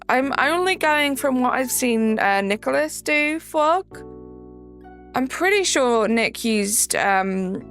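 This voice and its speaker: A woman's voice: a little high, fairly bright tone. A woman with a Southern English accent, hosting a live stream in casual chat, greeting viewers by name and reading the chat aloud. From south of England.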